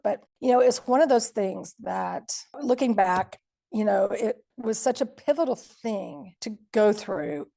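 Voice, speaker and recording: A woman's voice: medium pitch, vocal fry, dark tone, husky. A woman, a podcast guest, vividly retelling a frightening personal story and acting out the quotes.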